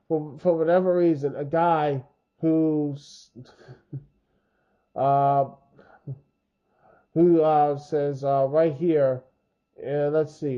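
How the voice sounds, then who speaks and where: Male video host, slightly high voice, rambling, heated, lo-fi recording. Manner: rambling, many fillers and restarts; frustrated, heated. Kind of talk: unscripted opinion commentary. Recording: dull lo-fi mic.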